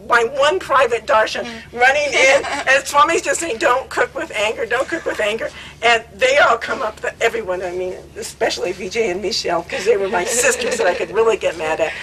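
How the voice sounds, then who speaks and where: A woman casually telling a self-mocking story to friends in a lively way. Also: fairly high pitch, slight background noise, low-quality recording. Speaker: devotee sharing memories.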